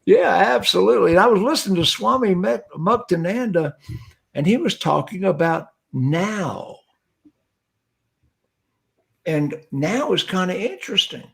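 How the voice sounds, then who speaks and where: Older male interviewer, high and gravelly, blunt and probing. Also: animated, a little slow, pauses often. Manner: blunt, probing questions with repeated restarts. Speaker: host. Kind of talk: casual interview talk.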